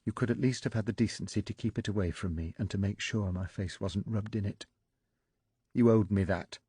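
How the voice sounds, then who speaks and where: A man's voice: on the low side, a little fast, mellow, husky, no echo, studio quality. A man reading the part of a proud, hurt middle-aged wife who speaks with controlled, clipped fury. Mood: cold fury.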